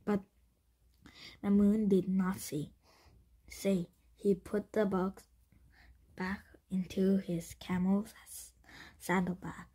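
A woman reading a children's chapter book aloud, breathy and often whispered, with frequent slips and restarts. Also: mid-range voice, little pitch movement, slow pace, pauses often, mellow. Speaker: story reader.

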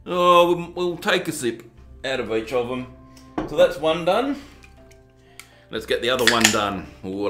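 With a medium-pitched, fairly bright voice and an Australian accent, a man from southern Tasmania casually reviews drinks for his home video channel. He's jokey and self-deprecating, playing up the poshness, against a roomy echo and faint background music.

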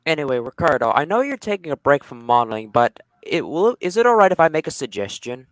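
A man's voice: fairly high pitch, big pitch swings, fast, dry recording, low-quality recording. A man in a casual group voice chat, speaking hesitantly with frequent restarts. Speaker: friend in a voice chat.

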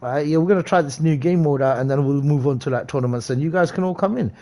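An upbeat young man, chatting on a live game stream. His voice sits a little higher than most men's. He greets viewers by name one after another, loose and full of slang. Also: fast, dark tone. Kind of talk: casual live-stream chat.

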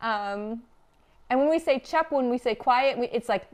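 A woman's voice: fairly high pitch, measured pace. A woman from Afghanistan hosting a casual cooking livestream from her home kitchen, chatty and wry, with a teasing humor. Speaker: cooking show host. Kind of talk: casual live-stream cooking chat.

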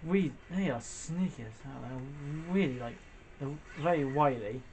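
A man's voice: a little high, unhurried, darkish tone, slight background noise. A man giving jokey, reactive let's play commentary, talking back at the game as he plays. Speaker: gamer.

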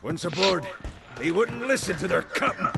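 Gravelly pirate captain. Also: male voice, high voice, expressive, normal speed, heavily acted. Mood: scheming. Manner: theatrical pirate growl. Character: gruff male pirate captain. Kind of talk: video game character dialogue. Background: game music.

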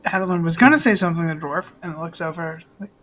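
A player narrating her character's actions in a tabletop game, speaking softly and hesitantly. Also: medium pitch, quick pace. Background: faint background music.

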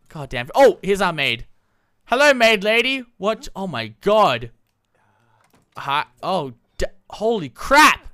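A young adult commentating a life-simulation game in a casual, slangy, excitable way, laughing often. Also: medium pitch, clear, resonant tone, no echo, studio quality. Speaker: gameplay commentator. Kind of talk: casual Let's Play commentary.

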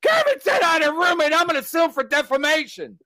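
Man doing a mocking, whiny rival: high, loud, petulant. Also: lively intonation, brisk, dry recording. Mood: mocking whine. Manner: shrill mocking whine. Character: whiny litigious male comedian rival.

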